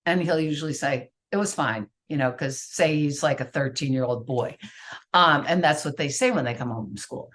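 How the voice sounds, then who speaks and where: A woman's voice: low-pitched, moderate pace. A middle-aged woman co-hosting a talk show, explaining in a casual, teaching way and acting out little parent-child exchanges. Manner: lively, acts out parent-child dialogue. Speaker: podcast co-host.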